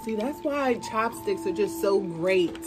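A woman hosting a casual eating vlog, playful and teasing, with loud bursts of excitement. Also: medium pitch, measured pace, music in the background. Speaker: vlogger hosting a mukbang. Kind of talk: casual chat while eating.

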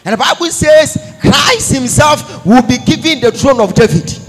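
A prophet giving a call-and-response sermon, moving between English and Twi and breaking into chanted, sung lines and shouts. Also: male voice, very high-pitched, lively intonation, moderate pace. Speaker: prophet preaching. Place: large church conference hall.

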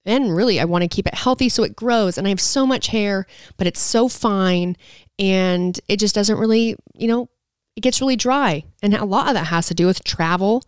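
Her medium-pitched voice is clear and resonant, moving at a moderate pace in studio-quality audio with no room sound. She hosts a casual podcast from her parents' living room, bluntly teasing, giggling often, and reading an ad.

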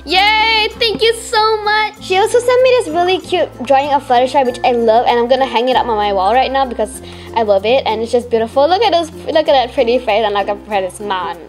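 A teenage girl from Malaysia, gushing excitedly as she unboxes fan mail at home. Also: sits high, brisk, soft background music. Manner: gushing, excitable fangirling with many "oh my gosh". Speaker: vlogger.

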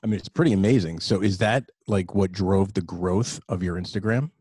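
A man's voice: sits low, moderate pace, darkish tone, slightly rough, dry recording. A man in his forties hosting a podcast, asking enthusiastic, rambling questions in casual chat. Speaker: podcast host. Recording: dry close studio sound.

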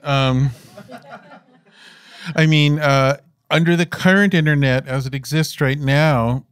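On stage as an interview guest, a fiftyish man rambles through his stories, frequently restarting and filling gaps with fillers. His voice is fairly high, steady, slow, clear and resonant, heard in a dry studio-quality recording.

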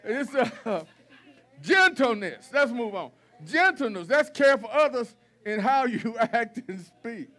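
A man preaching a sermon to his congregation in a church, folksy and blunt, driving points home with repetition and rising to shouts. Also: very high-pitched, big pitch swings, slow pace. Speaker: pastor. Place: church sanctuary.

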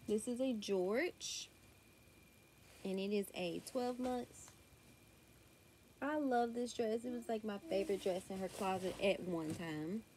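In an unhurried, medium-pitched voice that's a little mellow, a young Southern vlogger talks through a clothing haul at home, leaving long pauses. She has a thick accent, drawls, says y'all a lot and chats casually while her daughter is nearby. Slight background noise comes through the tablet's built-in mic.

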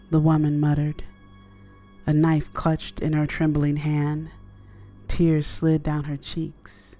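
A woman reads a horror story in a measured, low-key manner. Her voice is low and dark, the pace unhurried, with faint music behind. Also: monotone. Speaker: narrator. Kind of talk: scripted horror narration.

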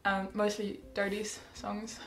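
A woman's voice: mid-range voice, monotone, slow pace, fairly bright tone, reverberant. A teenage girl chatting casually in a rambling, bubbly update vlog, often laughing and correcting herself. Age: teens. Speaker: vlogger.

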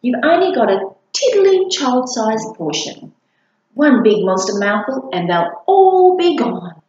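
Gruff, impatient monster father, as a woman puts him on, lower and breathy, echoey lo-fi storybook. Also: sing-song, takes it slowly, a little mellow, far from the mic. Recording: echoey room, dull lo-fi sound.

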